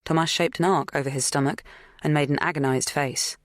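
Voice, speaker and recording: An audiobook narrator reading a thriller in an even, measured way. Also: medium pitch, dry recording, studio quality.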